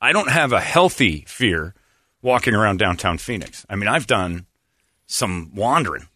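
A man's voice: lowish voice, big pitch swings, normal speed, pushed and bright, dry recording, clean studio sound. A man hosting a radio talk show, telling rambling stories, laughing often and acting out quotes in casual banter.

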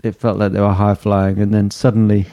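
A man's voice: lowish voice, little pitch movement, fairly quick, warm tone, no echo. A man hosting a casual chat podcast, rambling hesitantly and mocking himself. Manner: hesitant, lots of fillers and restarts, self-mocking. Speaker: podcast host.

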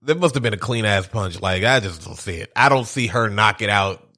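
A man's voice: on the low side, brisk, pushed and bright. A man chatting casually about a movie, skeptical and profane, often laughing.

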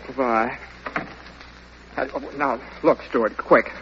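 A man's voice: mid-range voice, fairly even intonation, takes it slowly, a bit bright, slight background noise. An actor playing a flustered, scheming young man who stammers and hems, in 1940s radio acting style, on a dull old broadcast.

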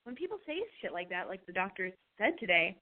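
A woman's voice: medium pitch, very animated, fast. A woman hosting her own show, telling a rambling, profane, self-mocking story in casual chat. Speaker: podcast host. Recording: tinny phone-like line.

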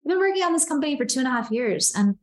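A woman's voice: high voice, very fast. A woman, a podcast guest, talking candidly in casual conversation, with lots of "like" fillers. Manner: candid, animated, frequent "like" fillers.

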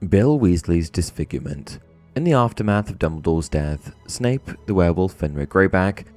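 Male explainer host, scripted and dramatic, very deep voice with lively swings, faint music behind. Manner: expressive storytelling with dramatic emphasis. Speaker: host of a fan explainer channel. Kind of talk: scripted narration.

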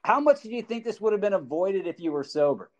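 Casting: male podcast host, high voice, dry probing questions. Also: sing-song, fast talker, highs cut off. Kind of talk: casual interview.

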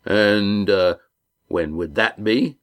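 A man reading the part of a tough innkeeper, speaking in a calm, dry, teasing way. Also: lowish voice, slow. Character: tough, wry innkeeper, calm under threat.

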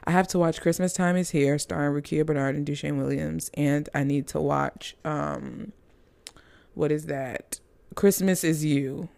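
A woman's voice: low voice, fairly even intonation, measured pace, creaky, darkish tone, dry recording. Chatty woman gushing about movies. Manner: chatty, gushing, playful asides. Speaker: movie reviewer. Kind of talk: casual vlog review.

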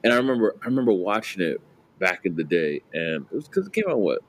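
Deep-voiced man, rambling casual chat. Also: sing-song, quick pace, poor audio. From New Jersey. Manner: rambling, many fillers and restarts, laughs a lot. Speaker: podcast co-host.

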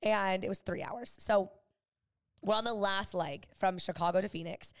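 A woman in her twenties co-hosting a podcast, telling a rambling story in casual chat and acting out what people said. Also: medium pitch. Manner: animated, acts out quoted voices, fast rambling. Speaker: podcast co-host.

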